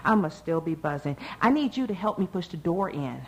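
A woman's voice: lowish voice, expressive, brisk, slight background noise, low-quality recording. A woman voicing a bold, brash young woman, an older sister who talks bluntly and swears. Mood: defiant.

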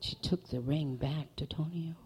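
A woman telling a joke as a story in a hushed, slow narration. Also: low-pitched. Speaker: joke teller.

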